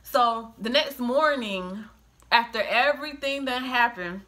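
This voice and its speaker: A middle-aged woman telling a story in a casual chat with her daughter, animated and acting out the quoted voices. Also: a little high, a little slow. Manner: animated, acts out quoted voices, breaks into laughter. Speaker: storyteller, the host's mother.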